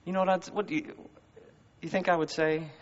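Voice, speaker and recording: A male pastor with a high voice delivers a conversational sermon, pressing his congregation with rhetorical questions. His words ring out through a church with a long, lingering reverb, and the recording sounds somewhat muffled. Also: level tone, brisk.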